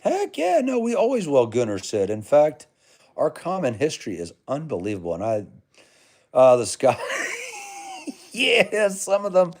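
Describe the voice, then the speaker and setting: A man's voice: fairly high pitch, wildly swooping pitch, measured pace, long pauses. An American man hosting a casual livestream, chatting with viewers in a chummy, rambling way and calling them brother and man. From United States. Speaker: livestream host. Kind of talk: casual live chat reading comments.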